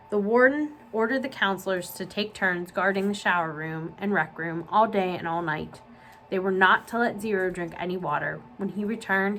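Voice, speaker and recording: A woman children's librarian reading a novel aloud to young listeners. Her storytelling is clear and steady, and her pitch sits in an ordinary middle range. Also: slight background noise, poor audio.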